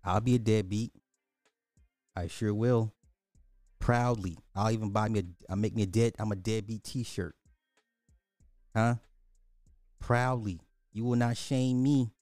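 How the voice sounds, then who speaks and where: A man's voice: fairly low pitch, steady tone, unhurried, long pauses, a little mellow, no room sound, studio quality, faint music behind. A man giving casual commentary, ranting crudely and repeating himself in disbelief. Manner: crude, repetitive, incredulous ranting. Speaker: online commentator.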